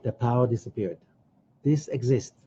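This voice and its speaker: A man teaching a Kabbalah study class in an animated way, acting out quoted voices. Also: normal speed, highs cut off, slight background noise. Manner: animated, rising to emphatic high bursts; acts out quoted voices of other people. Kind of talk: religious study lecture.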